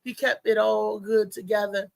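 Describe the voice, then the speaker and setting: A woman hosting a live show, telling a story in a chatty, animated way. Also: mid-range voice, moderate pace, creaky, no room sound. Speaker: host. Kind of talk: casual live show chat.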